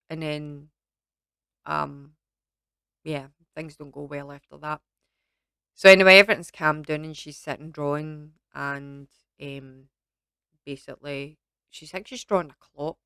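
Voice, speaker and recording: A Scottish woman chats her way through a film review, wandering off on tangents and filling gaps with ums. Her voice sits low and comes across smooth and clean. The sound is dry and close, with no room around it. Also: a bit bright, dry recording. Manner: rambling, lots of ums and asides. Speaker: vlogger reviewing films. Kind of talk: casual chatty film review.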